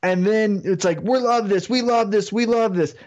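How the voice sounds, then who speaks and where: Guy ranting on a podcast, swears a lot, kinda high voice, muffled lo-fi sound. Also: moderate pace. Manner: animated, profane ranting. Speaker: podcast co-host. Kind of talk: casual wrestling chat.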